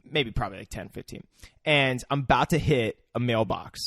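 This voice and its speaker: A man's voice: mid-range voice, lively intonation, moderate pace, fairly bright tone, no echo, clean studio sound. A man co-hosting a podcast, telling a story in a rambling way with lots of "like" and restarts. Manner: rambling, filler-heavy, laughs through his story. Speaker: podcast co-host. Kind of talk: casual storytelling chat.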